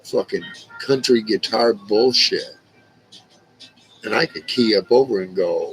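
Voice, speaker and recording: A man's voice: lowish voice, a little slow, long pauses, fairly bright tone, a little hiss or hum, rough recording. A man hosting a casual livestream, rambling through stories with lots of swearing and laughing at his own jokes. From Indiana. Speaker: livestream host. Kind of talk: casual storytelling to a live chat. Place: at home on a livestream.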